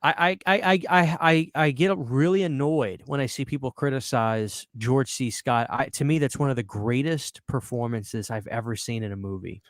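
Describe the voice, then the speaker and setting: Excitable, swearing man on a dry mic. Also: mid-range voice, normal speed, few pauses, no echo. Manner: excitable, swearing, repeats words when worked up. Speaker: podcast host. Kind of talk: casual chat.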